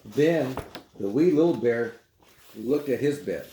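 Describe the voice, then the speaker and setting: Male storyteller reading to children, animated, chatty asides, roomy echo. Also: mid-range voice, slow.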